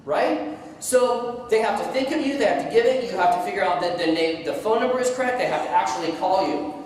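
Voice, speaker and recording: A seminar speaker gives a conference talk to a live audience in a large hall, his voice sitting high and fairly quick. He's energetic, jokes and quizzes the audience, and the distant mic picks up plenty of echo.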